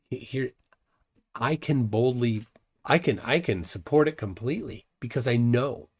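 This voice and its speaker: Male streamer, mid pitch, scornful and combative, stumbles and repeats words. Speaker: livestream host. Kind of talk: casual livestream debunking.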